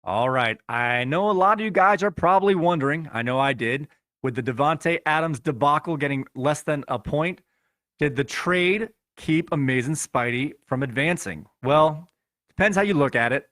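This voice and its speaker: A man's voice: a little high, normal speed, fairly bright tone, dry recording, studio quality. Jokey man hosting a fantasy football show. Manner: jokey, chatty, addresses listeners as guys. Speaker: podcast host. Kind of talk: comedic fantasy football recap.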